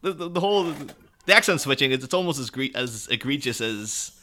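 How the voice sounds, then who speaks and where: An Irish man in casual podcast conversation about films, animated and quick to laugh. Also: medium pitch. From Ireland. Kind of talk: casual film discussion.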